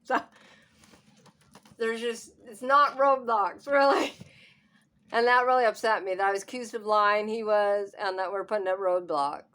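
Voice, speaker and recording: A woman's voice: medium pitch, a little slow, long pauses, fairly bright tone. Hard-of-hearing woman, holding back tears. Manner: upset, holding back tears, nervous laughter. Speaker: vlogger. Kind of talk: emotional personal vlog.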